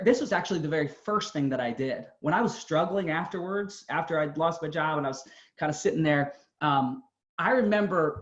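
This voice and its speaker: A man with a fairly high voice gives an earnest, emphatic motivational talk built around his own story. The audio is reverberant, with a dull lo-fi sound.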